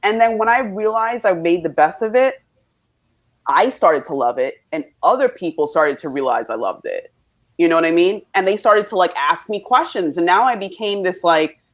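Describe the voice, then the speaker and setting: A woman co-hosting a podcast in casual chat, telling personal stories in a conversational way with many fillers. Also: mid-range voice. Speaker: podcast co-host.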